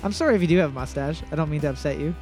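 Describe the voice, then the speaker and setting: A man's voice: on the high side, very fast, music in the background. A man hosting a trivia show, joking and laughing often in comedic banter. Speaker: trivia host.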